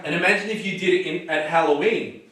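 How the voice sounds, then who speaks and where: An Australian man, an evangelist, teaching street preaching in an energetic, punchy, emphatic style. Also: on the high side, quick pace. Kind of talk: lively teaching talk. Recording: echoey room from far off.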